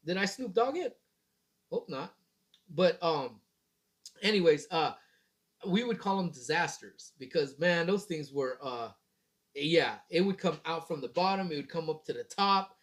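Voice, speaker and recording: A man's voice: a little high, unhurried, a bit bright. A man in his thirties hosting a casual morning livestream, rambling in a laid-back way and swearing casually. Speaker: livestream host.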